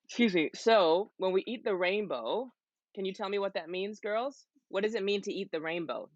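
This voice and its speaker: A woman's voice: mid-range voice, moderate pace, no room sound, highs cut off. A woman hosting a live-streamed health seminar from home, chatting casually and putting questions to her viewers. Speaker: host of a health seminar series.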